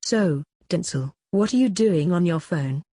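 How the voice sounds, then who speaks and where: A woman's voice: lowish voice, expressive, a little slow, warm tone, dry recording, clean studio sound. A woman voicing a strict male schoolteacher who scolds his pupils. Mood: stern. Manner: stern, scolding.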